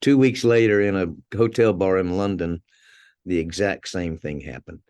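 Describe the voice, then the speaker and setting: A man's voice: sits low, moderate pace, a little mellow, dry recording, clean studio sound. A man being interviewed as a podcast guest, telling anecdotes in a conversational way, chuckling now and then and restarting his words.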